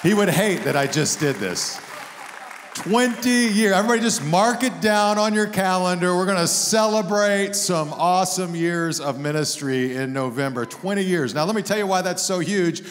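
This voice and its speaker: A middle-aged man preaching a sermon as a guest pastor, with an animated, humorous storytelling manner. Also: high-pitched, normal speed, hardly any pauses, some chatter behind, a little hiss or hum. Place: church sanctuary. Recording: long hall reverb.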